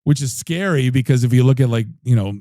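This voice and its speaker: A man hosting a podcast, telling stories in a rambling, animated way with lots of fillers. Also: medium pitch, quick pace, no room sound, studio quality. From United States. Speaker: podcast host. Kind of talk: casual chat.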